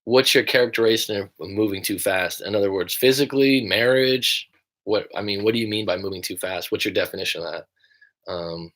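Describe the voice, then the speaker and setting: A man's voice: on the low side, a little fast, fairly bright tone. A young American man who coaches people through breakups, chatting casually and rambling on a livestream, swearing now and then. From United States.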